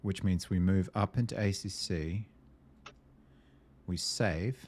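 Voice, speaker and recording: A man with a low, deep voice plays a puzzle game and narrates his own reasoning. He mutters and doubts himself, then turns excitable when a step looks like it might work. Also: slow, slightly rough. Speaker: gameplay video host. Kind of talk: thinking aloud while playing a puzzle game.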